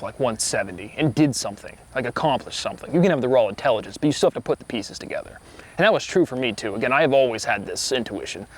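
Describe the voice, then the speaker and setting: A man giving a meandering, self-assured monologue to his video audience, often trailing off, restarting and spelling out syllables. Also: medium pitch. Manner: spells out words and syllables to make points. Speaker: vlogger. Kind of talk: rambling monologue to camera.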